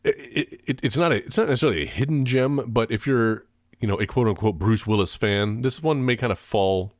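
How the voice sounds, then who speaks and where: A man's voice: mid-range voice, brisk, no echo, studio quality. A man co-hosting a casual movie podcast, thoughtful and a little hesitant, with ums. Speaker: podcast co-host.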